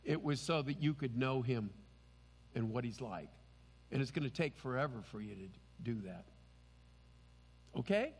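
A man's voice: mid-range voice, expressive, moderate pace, pauses often, slightly rough, long reverb tail. A man preaching a sermon as pastor, earnest and emphatic.

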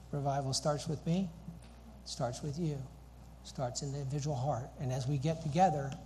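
A man's voice: a little high, darkish tone. A man preaching a sermon in a church hall, earnest and full of rhetorical questions. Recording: long hall reverb, faint background noise.

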